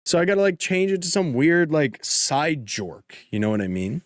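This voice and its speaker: A man's voice: a little high, sing-song, moderate pace, dry recording, clean studio sound. A man streaming a video game live, chatting loosely in a rambling, joking way. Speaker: gaming streamer. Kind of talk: casual live-stream chat.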